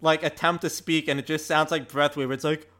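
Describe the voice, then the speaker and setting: A man playing a tabletop game, joking and adding to the story with giggly, animated storytelling. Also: on the high side, a little fast. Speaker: player. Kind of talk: casual tabletop game chat.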